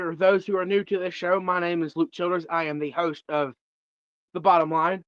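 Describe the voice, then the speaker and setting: An earnest man with a fairly high voice speaks in a casual, rambling way. His audio is dull and dry, like a plain stream mic. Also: a bit bright, dry recording. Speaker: podcast host, guest on the stream. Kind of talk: casual livestream appeal.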